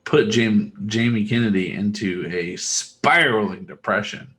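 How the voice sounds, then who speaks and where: A man's voice: on the low side, a little slow, fairly bright tone. A man co-hosting a podcast, telling long rambling stories in casual chat and swearing freely. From Texas. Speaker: podcast co-host.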